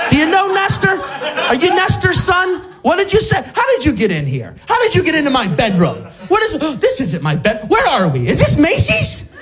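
A man's voice: very high voice, full character voice. A man playing a flustered, muddled old woman. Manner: flustered, wandering, shouting questions. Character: confused, rambling elderly woman. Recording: live stand-up with crowd laughter.

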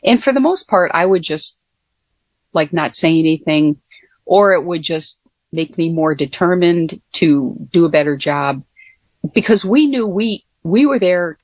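A woman's voice: on the low side, lively intonation, measured pace, darkish tone, no echo. An older woman, a former Air Force pilot, telling stories in a casual interview with many fillers and restarts.

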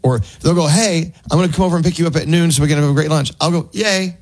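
A man's voice: fairly high pitch, fairly even intonation, rapid-fire, darkish tone. A man hosting a morning radio show, chatting casually with his co-hosts in a playfully exaggerated way. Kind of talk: casual studio banter. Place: radio studio.

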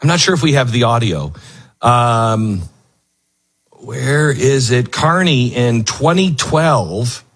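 A man's voice: medium pitch, takes it slowly, husky. A man hosting a talk show, giving sarcastic, mocking opinionated commentary. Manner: sarcastic, mocking, lively with laughs.

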